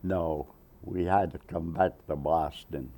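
An older man, a Navy veteran, telling an oral history story with animated quoted voices. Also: sits low, takes it slowly.

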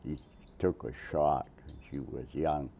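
An older man, a Navy veteran, telling an oral history story with animated quoted voices. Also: rumbling low, measured pace, creaky, noisy background.

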